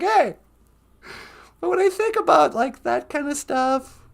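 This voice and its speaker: High-pitched woman chatting on her live stream, laughs a lot, takes her time. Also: gravelly. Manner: chatty, laughs often, reads lines slowly and dreamily. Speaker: podcast host. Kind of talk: casual live-stream chat.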